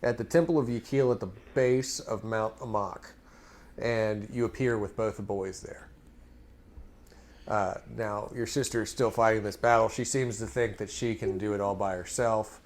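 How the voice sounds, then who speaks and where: A man's voice: on the low side, fairly even intonation, normal speed, slight background noise. A man running a tabletop game as game master, narrating scenes and asking players for decisions in an amused, easygoing way.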